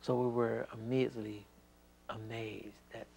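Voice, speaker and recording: A man tells a story about his teacher, acting out the quoted lines with energy. His voice has a gravelly edge. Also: mid-range voice, level tone, moderate pace, a little mellow, a little hiss or hum. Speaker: disciple recalling his teacher. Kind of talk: reminiscing interview.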